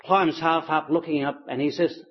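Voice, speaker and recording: A man telling stories to an audience in a relaxed, chatty way. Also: a little high, moderate pace, breathy edge, dull audio. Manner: relaxed, chatty, with light laughs. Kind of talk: storytelling talk to an audience.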